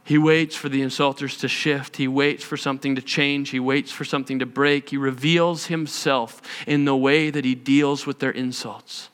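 A male pastor preaching a sermon in an animated storytelling manner, repeating phrases for emphasis. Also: mid-range voice, moderate pace, hardly any pauses, smooth. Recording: long hall reverb.

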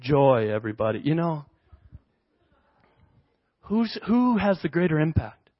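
A young man preaching a sermon as a pastor, animated and conversational with playful asides. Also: a little high, unhurried, no room sound. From Canada. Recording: dry, dull lo-fi sound.

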